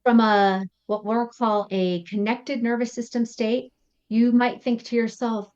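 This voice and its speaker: Woman therapist on a podcast, lively, slips into little acted-out quotes, kinda dull lo-fi sound. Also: a little high, measured pace, clear, resonant tone. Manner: animated, acts out example thoughts in quotes. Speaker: psychotherapist guest. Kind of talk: explanatory podcast interview.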